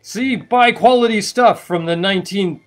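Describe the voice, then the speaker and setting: A man's voice: sits high, normal speed, a bit bright, faint music behind. A man hosting a casual live stream, chatting and explaining while he mixes cocktails, with wry asides. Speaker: host mixing cocktails.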